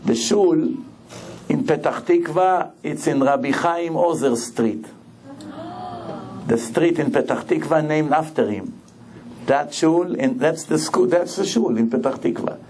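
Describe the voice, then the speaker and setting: A rabbi preaching a sermon, telling stories in an animated way and repeating phrases for emphasis. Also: male voice, on the high side, a little slow, slight background noise. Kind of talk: sermon with storytelling.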